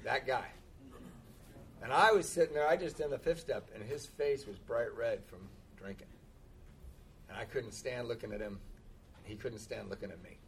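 A man's voice: medium pitch, normal speed, gravelly, long pauses, a little hiss or hum. A man speaking at a recovery meeting, telling his own story candidly with self-deprecating humor and frequent laughs. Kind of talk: personal storytelling talk.

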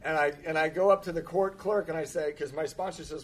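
A man's voice: on the high side, fairly even intonation, quick pace, few pauses, slight background noise. Candid man telling his recovery story. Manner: candid, self-deprecating humor with frequent laughs. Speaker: recovery meeting speaker. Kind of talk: personal storytelling talk.

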